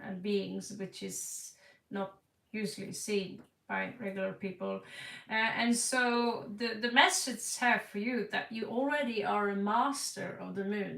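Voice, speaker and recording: A woman gives a casual tarot reading to camera, blunt and playful, laughing and repeating words for emphasis. Her medium-pitched voice is fairly bright with vocal fry, sounding distant from the mic in an echoey room.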